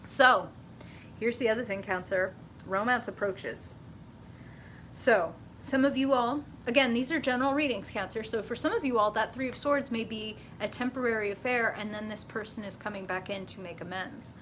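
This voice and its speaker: A woman's voice: a little high, normal speed, slight background noise. A middle-aged woman reading tarot on a live stream, talking casually and swearing freely, with frequent laughs. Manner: casual, profane, animated, laughs often. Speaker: tarot reader.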